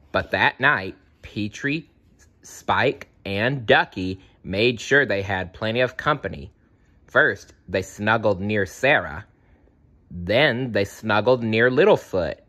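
Guy reading a kids storybook slowly, bright voice, lots of ups and downs. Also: fairly low pitch. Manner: expressive, dramatic reading. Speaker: narrator. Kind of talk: storybook read-aloud.

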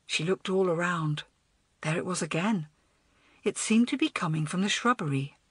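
A woman narrating a children's audiobook in an expressive, storytelling manner. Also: fairly low pitch, normal speed, breathy edge, no echo.

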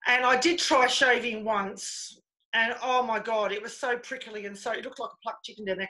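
A woman's voice: a little high, fairly even intonation, normal speed, bright, forceful tone, poor audio. A woman doing a brash, bawdy stand-up comedy set over a video call.

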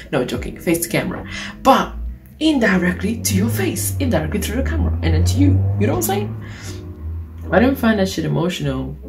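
A young woman, chatting casually and swearing playfully while doing her makeup on camera. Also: lowish voice. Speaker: beauty vlogger. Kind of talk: casual get-ready-with-me chat. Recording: music playing underneath. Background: background music.

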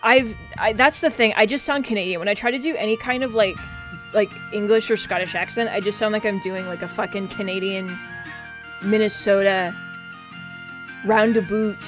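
Brief: woman streamer-GM, animated, self-deprecating, casual. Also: medium pitch, quick pace, music in the background. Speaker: streamer and game master. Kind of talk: casual chat.

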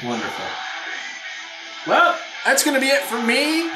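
A man co-hosting a casual movie riff track, answering in dry, deadpan remarks. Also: very high-pitched, measured pace. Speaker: co-host. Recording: distant echoey mic with clear music.

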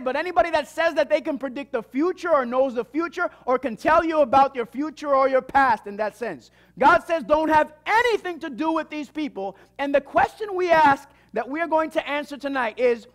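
A man's voice: extremely high pitch, a bit bright. A man preaching a sermon, reading scripture aloud and often asking his listeners questions and calling for amens. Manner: emphatic, asks the crowd questions and calls for amens. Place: church or seminar hall.

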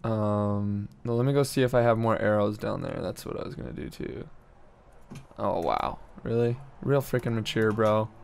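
A man's voice: on the low side, normal speed, gravelly, darkish tone, clear, resonant tone. A man giving casual, slangy game commentary, talking to himself and getting easily frustrated as he plays. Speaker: gameplay commentator.

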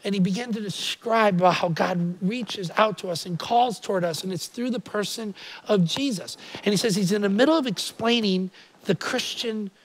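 A man preaching a sermon to his congregation, energetic and emphatic, asking them rhetorical questions. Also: sits high, moderate pace. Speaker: pastor. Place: church auditorium.

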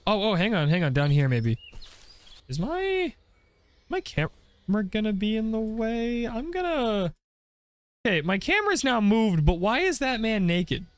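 Bright-voiced young man, gaming commentary, goofy and animated. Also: sits high, measured pace, clean tone, no room sound. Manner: playful, joking, frequent laughs. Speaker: gaming video creator. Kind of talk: playthrough commentary.

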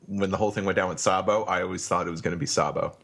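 A man's voice: low-pitched, steady tone, rapid-fire, creaky, a bit bright, breathy edge. A man co-hosting a podcast in casual chat, hesitant and restarting as he lays out theories. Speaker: podcast co-host.

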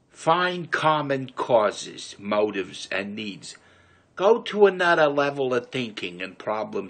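Slow husky man in a put-on New York accent. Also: mid-range voice. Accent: put-on New York City accent. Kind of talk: reading an inspirational book aloud.

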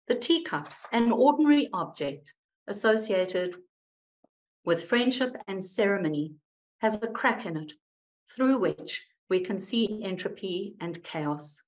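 A woman psychoanalyst reads her paper aloud with measured, wry expression. Her pitch moves with lively animation from phrase to phrase, while her voice stays at a middling height. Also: low-quality recording. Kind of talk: reading a prepared paper.

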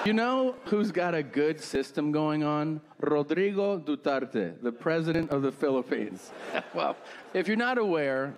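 Guy doing raunchy standup, deadpan, acts out the quotes, faint room hum behind. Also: on the high side. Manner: brash, crude, deadpan storytelling with acted-out quotes. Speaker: stand-up comedian. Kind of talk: stand-up comedy set. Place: comedy theater stage with live audience.

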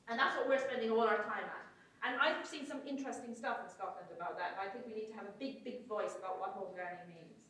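A woman giving a conference keynote as a chief executive, talking in a lively, irreverent way with wry asides. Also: medium pitch, fast. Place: hotel conference hall. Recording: echoey hall, mic from far off.

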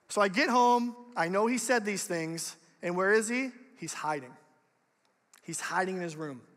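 Young male youth pastor, conversational and lively, high-pitched, recorded in a reverberant auditorium. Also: moderate pace. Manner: casual, animated, conversational preaching. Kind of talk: youth sermon. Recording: long reverb of a large hall.

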